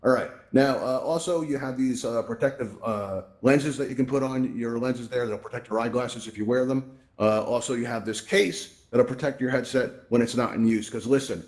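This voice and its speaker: A man hosting a virtual reality event, telling stories in a casual, animated way and often checking in with "right?", on a VR headset mic. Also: medium pitch, moderate pace. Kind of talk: casual live presentation with storytelling.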